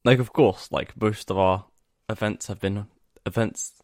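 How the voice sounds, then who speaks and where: A man's voice: on the low side, fairly even intonation, a little slow, darkish tone, no echo, clean studio sound. A young man co-hosting a podcast, rambling in casual chat with lots of fillers and easy laughs. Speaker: podcast co-host.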